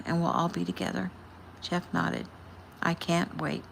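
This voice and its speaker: Woman author reading her novel casually, lowish voice, light room hiss. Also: fairly even intonation, a little slow, vocal fry, pauses often. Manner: reads casually, softly voicing each character. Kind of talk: casual audiobook narration with character dialogue.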